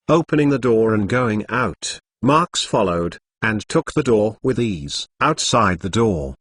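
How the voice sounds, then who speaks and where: A man narrating a storybook chapter, reading plainly through a rough translation. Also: mid-range voice, fairly bright tone, no echo.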